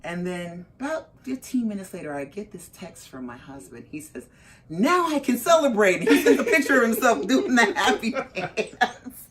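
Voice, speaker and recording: A middle-aged woman, the mother of a parolee, telling her story in an interview and acting out her own reactions with big leaps in her voice. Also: moderate pace. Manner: animated, acts out her own reactions with big jumps in pitch.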